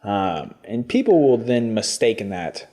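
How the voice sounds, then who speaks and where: A man's voice: fairly low pitch, sing-song, a little slow, warm tone. A man hosting a podcast, asking questions in a thoughtful way and searching for his words. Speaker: podcast host. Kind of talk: casual conversation.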